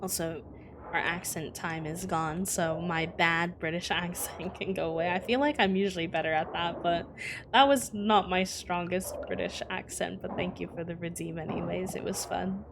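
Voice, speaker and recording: A woman's voice: fairly low pitch, steady tone, normal speed. A young adult woman chatting casually to her live-stream audience, rambling and correcting herself with many fillers. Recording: clear background noise.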